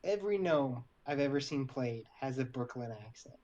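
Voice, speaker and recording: A man at a tabletop game table with a voice of ordinary middle pitch. He describes what his character does in a blunt, casual way, swearing offhandedly. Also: lively intonation, moderate pace, a little mellow, dull audio. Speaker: player.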